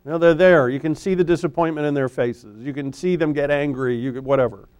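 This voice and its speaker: A man preaching an expository sermon in a conversational, animated way, often restarting his sentences. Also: on the high side, quick pace, smooth, no room sound. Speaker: pastor; former high school teacher.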